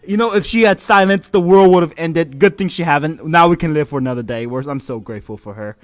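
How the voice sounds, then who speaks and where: A man's voice: on the high side, fast. A man streaming live commentary on a mobile game match, hyped and crudely joking, full of exclamations.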